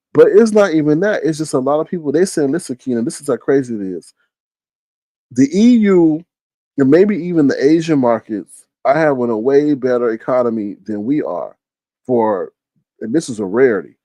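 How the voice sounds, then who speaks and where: A man's voice: fairly high pitch, darkish tone, dry recording. A man hosting a live stream, reading viewers' chat and talking back bluntly in loose, slangy casual commentary. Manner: chatty, talks straight to viewers by name, slangy and blunt.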